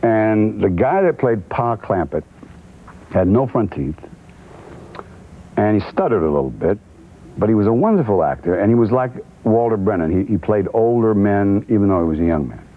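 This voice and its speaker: A deep, husky-voiced man tells a talk show story, his pitch rising and falling with the telling. He keeps restarting and stumbling over his words. The sound is thin and tinny, like an old TV broadcast tape. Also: normal speed. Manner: lively storyteller with frequent restarts and stammers. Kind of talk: animated anecdote telling.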